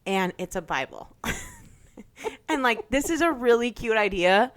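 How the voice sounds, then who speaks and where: Chatting casually as a podcast co-host, this young adult woman tells an animated story full of laughter and free swearing. She speaks unhurriedly in a voice on the high side.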